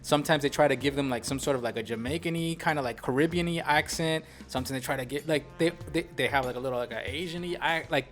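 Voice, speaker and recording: Animated man hosting a casual podcast. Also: a little high, quick pace, few pauses, soft background music. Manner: animated, talks through restarts and asides. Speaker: podcast host. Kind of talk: casual chat.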